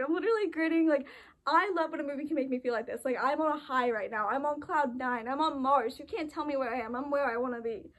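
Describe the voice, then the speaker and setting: Young woman, high voice, gushing and rambling about a movie, lots of likes and ums. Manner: gushing, excitable, lots of fillers. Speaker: movie reaction host. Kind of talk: casual chat.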